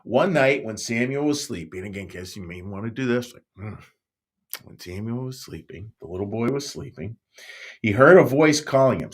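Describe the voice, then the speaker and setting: A man, a pastor, telling a Bible story to young children in a playful, animated way, speaking right to the kids. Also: mid-range voice, moderate pace.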